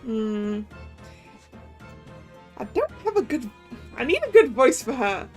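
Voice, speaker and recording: A woman's voice: fairly high pitch, very animated, slow, darkish tone, soft background music. A woman streaming a story game, chatting and laughing at herself while working out character voices. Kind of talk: game playthrough, reading voices aloud.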